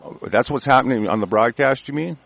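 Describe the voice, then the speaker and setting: A man's voice: medium pitch, brisk, creaky, fairly bright tone, slightly rough, no echo. Brief: cursing male host on a political rant, dry sound. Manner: angry, heavily profane, stumbling restarts. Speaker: talk show host. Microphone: conference call line.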